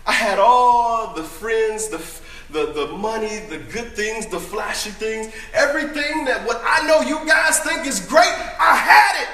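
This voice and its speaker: A man's voice: high voice, lively intonation, measured pace, few pauses, roomy sound, exaggerated voice. A man playing the brash prodigal son. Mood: boastful. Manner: emphatic, preachy, often shouting. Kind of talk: dramatic first-person monologue to an audience.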